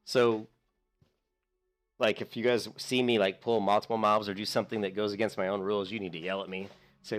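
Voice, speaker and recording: A man's voice: on the low side, a little fast. A man streaming a video game, chatting casually to his viewers in a rambling, self-mocking way with frequent chuckles. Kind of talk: casual gameplay commentary.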